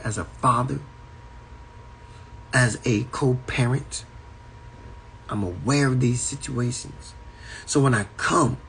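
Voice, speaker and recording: A man's voice: mid-range voice, fairly bright tone, slight background noise, low-quality recording. Man preaching with repetitive emphasis. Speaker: spiritual teacher. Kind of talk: preaching livestream monologue. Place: at home indoors.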